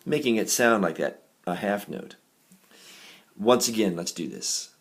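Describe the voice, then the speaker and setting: Slow, low-voiced male music teacher. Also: expressive. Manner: patient, gentle instructor, demonstrating rhythms by singing syllables. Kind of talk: recorded music lesson.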